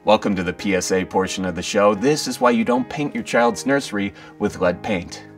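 A man, telling a comic story in a folksy, animated way. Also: on the low side, fairly quick, recorded from a distance, faint music behind. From Wisconsin. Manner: animated, folksy, acts out quotes. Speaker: storyteller comedian.

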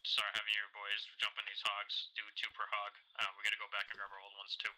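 A man leading a squad in a military role-play game, giving calm commands over headset voice chat, hesitant and full of 'uh' and 'affirm'. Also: lowish voice, quick pace, low-quality recording. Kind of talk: tactical radio commands mixed with casual chat.

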